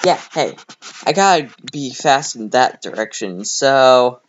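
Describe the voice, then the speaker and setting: A man's voice: mid-range voice, expressive, slow, a little hiss or hum. A man voicing a cocky young male hedgehog who talks in a smug, flippant way. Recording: slightly dull home recording.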